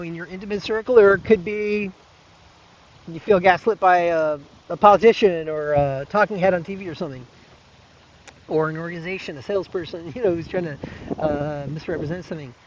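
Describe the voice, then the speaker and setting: Earnest halting man, dull lo-fi sound. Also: high voice. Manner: halting, many restarts and fillers; earnest, soft laughs. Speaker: video blogger. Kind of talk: reflective casual monologue.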